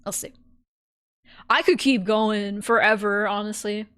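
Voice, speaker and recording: A woman livestreaming a game and chatting casually, animated, laughing often and swearing freely. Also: medium pitch, unhurried, smooth. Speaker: streamer.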